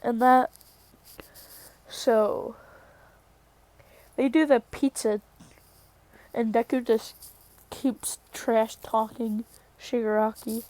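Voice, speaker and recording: A woman's voice: fairly high pitch, fairly even intonation, very slow, long pauses, dark tone, no room sound. A woman casually retelling a fan story in a rambling way, often correcting herself.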